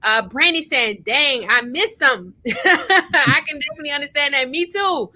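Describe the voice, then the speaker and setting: A middle-aged woman hosting a livestream, reading out viewer comments, excitable and effusive, laughing often. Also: high-pitched, normal speed. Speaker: host.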